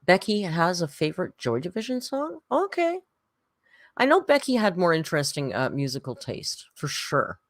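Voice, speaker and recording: Low-voiced woman reacting on a stream, wry, swears a bit, dry close mic. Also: huge pitch swings, moderate pace, no echo. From Canada. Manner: wry, swearing, reads super chats aloud. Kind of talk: casual reaction stream chat.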